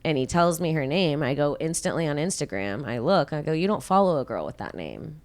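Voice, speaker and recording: A woman in her thirties hosting a podcast, telling a story casually and profanely, acting out quotes. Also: fairly quick. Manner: animated, profane, acts out quotes with big pitch jumps. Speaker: podcast host.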